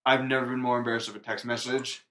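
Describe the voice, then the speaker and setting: A man's voice: mid-range voice, flat delivery, quick pace, a bit bright. A young man co-hosting a podcast, telling a story in casual, rambling chat and laughing at himself. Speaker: podcast co-host.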